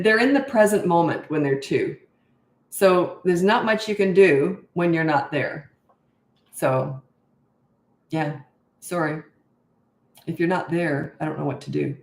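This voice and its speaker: A woman's voice: low-pitched, darkish tone, reverberant. A middle-aged woman parenting coach answering viewer questions on a live stream, blunt and emphatic, often repeating words for stress.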